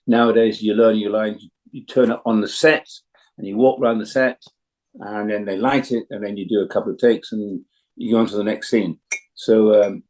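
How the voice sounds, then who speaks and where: An older actor as a guest, chatting casually and telling anecdotes with lots of fillers and restarts. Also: male voice, lowish voice, steady tone, normal speed, a little mellow, rough recording. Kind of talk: casual interview chat.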